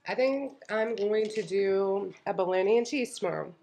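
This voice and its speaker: A woman's voice: medium pitch, moderate pace, vocal fry, dark tone, a little hiss or hum. A woman chatting casually at home on a diet vlog, chiming in and laughing easily. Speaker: co-host of a keto vlog channel. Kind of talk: casual chat.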